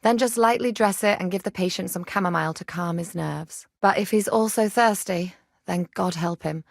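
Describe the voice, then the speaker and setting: A feisty young herbalist healer. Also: female voice, lowish voice, moderate pace, creaky, no room sound, clean studio sound. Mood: matter-of-fact.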